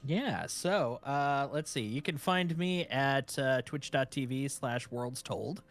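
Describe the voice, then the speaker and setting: A man who is a guest streamer in a casual chat, talking in a relaxed way with many filler words. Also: medium pitch, takes it slowly.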